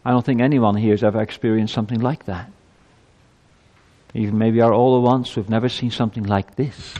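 A man delivers an earnest sermon at an ordinary middle pitch. He lifts his voice when he reads scripture and presses the congregation with rhetorical questions. His voice carries a long reverb, as in a church sanctuary. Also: darkish tone. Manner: earnest preaching, rising emphasis on scripture quotes, rhetorical questions. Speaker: preacher.

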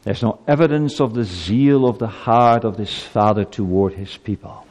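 A man's voice: lowish voice, normal speed, a little mellow. Emphatic male preacher in a reverberant hall. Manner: emphatic preaching with rhetorical questions and stammered repeats. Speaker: pastor. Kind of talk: sermon.

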